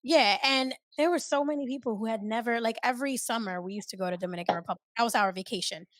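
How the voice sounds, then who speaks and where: A woman from the Bronx hosts a relaxed podcast chat. She is lively, laughs easily and acts out other people's lines. Her voice sits a little high, and the sound is close and dry. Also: fast, dry recording. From Bronx, New York. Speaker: podcast host. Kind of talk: casual chat.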